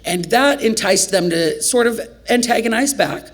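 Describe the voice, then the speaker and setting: A lively woman from Nebraska spins a tale on a festival stage. She talks conversationally and laughs often, leaping up in pitch whenever she acts out what someone said. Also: moderate pace. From Nebraska, USA. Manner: animated, acts out quoted lines with big jumps in pitch. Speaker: storyteller. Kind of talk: live storytelling performance.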